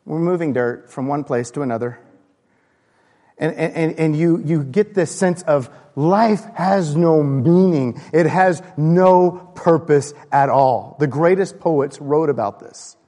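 A man preaching a sermon in a church, his voice sitting a little high for a man. He swings between loud, raised bursts and low, hushed lines. A long reverb from the hall trails after his words. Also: takes it slowly. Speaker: pastor.

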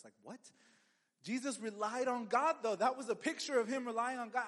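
A man's voice: high-pitched, a little fast, a bit bright, big-room sound. A man preaching a sermon as a pastor, in a conversational way with joking asides and frequent restarts.

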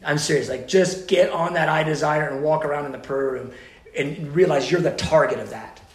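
A man teaching a sermon with passion, swinging between loud urgent pleading and hushed, intimate tones. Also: fairly high pitch, normal speed, roomy sound. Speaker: preacher.

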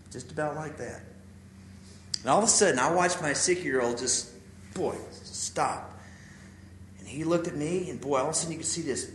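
A man's voice: a little high, a bit bright, roomy sound, slight background noise. A man, preaching a sermon, telling stories and asking his listeners questions. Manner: storytelling, acts out quotes, asks the audience questions.

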